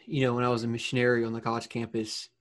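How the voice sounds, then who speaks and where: A man's voice: mid-range voice, completely flat delivery, racing. A man in casual conversation, reflective and rambling, who laughs between words. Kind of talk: casual chat.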